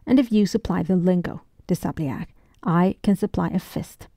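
A woman voicing a gruff, brash sea captain. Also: fairly low pitch, normal speed, mellow, no room sound, studio quality. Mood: boastful. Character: blunt hot-tempered male sea captain.

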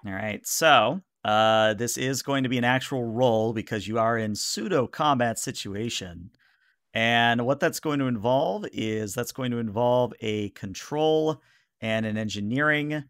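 A man's voice: mid-range voice, a little slow, fairly bright tone, dry recording, clean studio sound. A man running a tabletop game as game master, narrating casually with many fillers.

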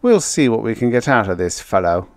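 A man's voice: fairly low pitch, sing-song, fairly quick, no room sound. Male narrator playing a cold, bored, sneering governor; raised, barking, dry-recorded audiobook voice. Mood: cold commanding. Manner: cold and commanding. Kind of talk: audiobook character voice.

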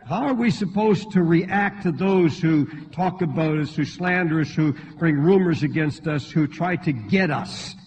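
A man preaching a sermon to a church congregation, his voice leaping up in pitch and volume when he acts out pleading believers. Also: a little slow, hardly any pauses, a little mellow, slight background noise. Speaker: pastor. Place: church sanctuary. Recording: dull lo-fi sermon recording in a large reverberant hall.

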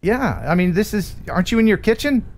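A man's voice: high voice, lively intonation, fairly quick. A man hosting a live stream, chatting and joking with a guest and reading viewer messages. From USA. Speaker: host.

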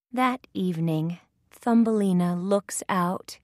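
A woman reading a children's story aloud in simple, clear sentences. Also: mid-range voice, takes it slowly, a little mellow, no room sound, clean studio sound.

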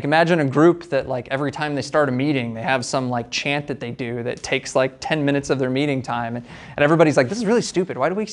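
Lecturing casually at a university, a young man with a medium-pitched voice hedges as he talks and keeps tossing in tag questions to check on his listeners.

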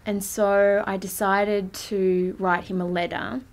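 In a documentary interview, a young woman shyly and hesitantly recalls a story, full of fillers and restarts. Her medium-pitched voice stays level and slow.

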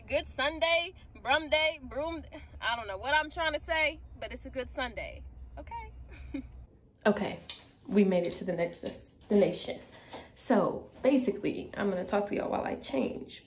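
A woman's voice: sits high, fairly bright tone, a little hiss or hum. A woman vlogging casually to her viewers. She talks emphatically, repeats phrases and swears casually. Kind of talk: casual self-talk vlog.

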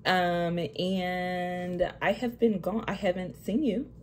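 A young woman talking to camera in an emotional personal vlog, nervous and close to tears, halting with many fillers. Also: fairly low pitch, fairly even intonation, slight background noise. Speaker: vlogger.

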